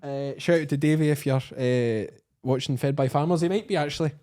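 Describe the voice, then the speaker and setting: A man's voice: fairly high pitch, a little fast, mellow. A Scottish man, a podcast co-host, telling a story in casual chat and laughing as he goes.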